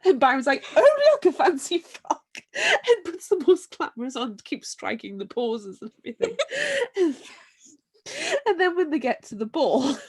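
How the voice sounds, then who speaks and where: A woman's voice: high voice, very animated, normal speed, slightly rough. A woman co-hosting a podcast in casual book talk, retelling scenes with animation and laughing along. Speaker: podcast co-host.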